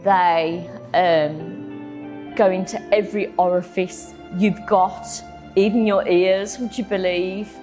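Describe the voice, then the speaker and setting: Slow, halting woman recounting an ordeal. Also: fairly low pitch, steady tone, mellow, faint music behind. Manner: emotional, halting storytelling with frequent ums and repeats. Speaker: interviewee telling her own story. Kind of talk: personal testimony in an interview.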